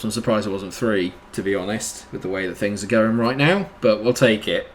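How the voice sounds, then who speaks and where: A young man commentating live on his own football video game match, sarcastic and easily frustrated. He swings between low muttering and loud outbursts. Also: brisk, hardly any pauses, soft background music. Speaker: gaming YouTuber.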